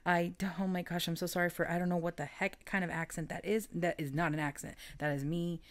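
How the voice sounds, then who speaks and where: A woman's voice: on the low side, little pitch movement, a little fast, hardly any pauses. A woman giving a casual, chatty tarot reading, rambling, self-correcting and often breaking into laughter. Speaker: tarot reader.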